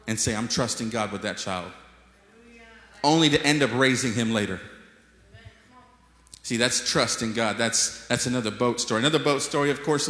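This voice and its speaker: A male pastor delivers a lively sermon, telling stories to his congregation and slipping into the voices of the people in them. His voice sits at a middle pitch. It rings through a large room with a long, roomy reverb. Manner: lively storytelling preacher, acts out voices, jokes with the congregation. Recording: echoey hall with long reverb.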